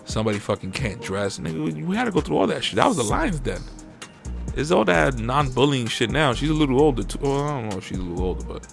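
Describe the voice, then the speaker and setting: A young man, hosting a podcast in a profane, animated rant that jumps into mocking high-pitched impressions. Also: quick pace, gravelly, soft background music. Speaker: podcast host. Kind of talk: casual uncensored podcast rant.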